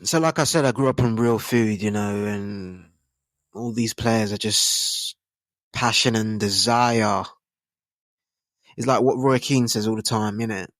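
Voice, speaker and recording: A man's voice: on the low side, moderate pace, no echo. A man, rambling casually about football in slang and asking rhetorical tag questions. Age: 20s. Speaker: football channel host. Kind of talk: casual football opinion monologue.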